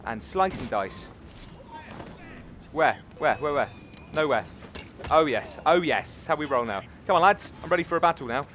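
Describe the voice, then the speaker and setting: A British man from England giving excitable let's-play commentary, cheering and scolding the game as he plays. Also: fairly high pitch, normal speed, slight background noise. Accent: British English. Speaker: gaming channel host.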